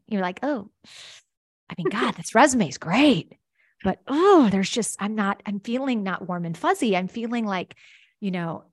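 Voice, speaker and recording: Speaking at a medium pitch, a middle-aged company founder gives animated, conversational interview answers with enthusiasm, laughing easily and performing the voices of people she quotes. The sound is clean studio audio without echo.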